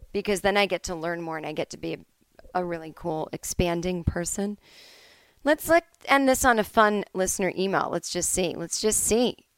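A woman's voice: fairly low pitch, a bit bright, smooth, no echo. A woman hosting a solo comedy podcast, telling a candid, chatty story and acting out both sides of a conversation, with some swearing. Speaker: podcast host.

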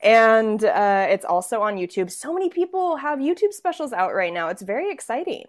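A young woman hosting a podcast interview in casual chat, enthusiastic and quick to laugh. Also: fairly high pitch. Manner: lively, laughs often, enthusiastic. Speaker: podcast host.

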